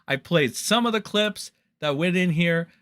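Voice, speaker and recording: Animated, bright-voiced man ranting to chat. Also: high voice, a little slow. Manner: profane, rambling, talks to chat. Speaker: livestream commentary host. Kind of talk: casual livestream commentary.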